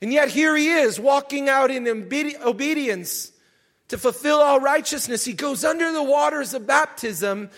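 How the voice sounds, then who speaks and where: A male pastor preaching a sermon in an animated way, shouting for emphasis. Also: very high voice, moderate pace.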